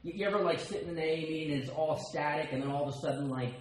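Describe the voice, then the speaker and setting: An American man giving a personal share at a recovery meeting, telling stories with quick asides and self-mocking humor. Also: on the high side, a little hiss or hum. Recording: very echoey room with faint ambience.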